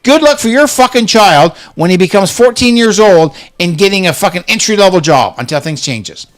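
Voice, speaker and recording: A man's voice: sits high, expressive, moderate pace. A middle-aged man in casual chat, ranting heatedly with lots of swearing and stammered restarts. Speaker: co-host.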